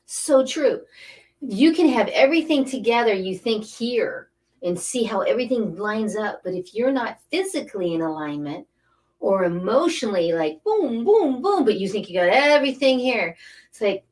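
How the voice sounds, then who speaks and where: Her pitch runs fairly high and swings widely, paired with a darkish tone and a moderate pace. A middle-aged woman who coaches spiritually and reads angel cards, she gives casual, emphatic inspiration, drifting among thoughts and repeating lines to stress them. She sounds a little away from the mic.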